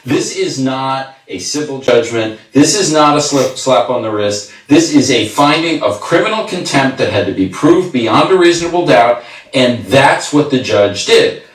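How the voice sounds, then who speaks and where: A man giving measured, emphatic commentary on a TV news show. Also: medium pitch, animated. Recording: roomy, distant broadcast clip.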